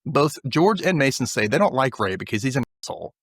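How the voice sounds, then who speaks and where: A man's voice: medium pitch, fast, no echo, studio quality. A man hosting a podcast, casually recapping a TV episode and briefly acting out the characters' lines as he tells it. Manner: animated, acts out characters' lines while retelling scenes.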